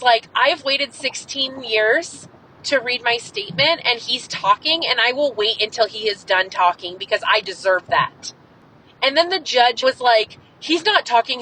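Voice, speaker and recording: A woman's voice: fairly high pitch, sharp tone, slight background noise, low-quality recording. A young adult woman hosting a podcast, delivering an angry, profane, emphatic monologue. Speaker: podcast host. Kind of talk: impassioned monologue.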